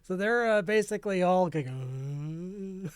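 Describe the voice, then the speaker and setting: A man with a high voice runs a tabletop session, talking slowly and easily and pausing on fillers. His sound is dry and close, with no room around it. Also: dry recording. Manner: relaxed narration with frequent fillers and laughs. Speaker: game master. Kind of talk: running a tabletop game.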